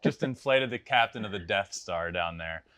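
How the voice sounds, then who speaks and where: Bright-voiced young male podcast host. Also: sits low, moderate pace, no echo. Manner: animated storyteller, laughs often. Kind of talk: casual interview chat.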